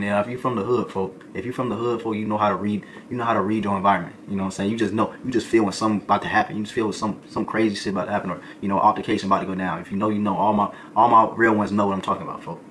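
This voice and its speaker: A young adult man, a streamer, telling a comedic storytime in an animated, slangy way, peppering his lines with "boy" and "folk". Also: fairly low pitch, rapid-fire, a little hiss or hum.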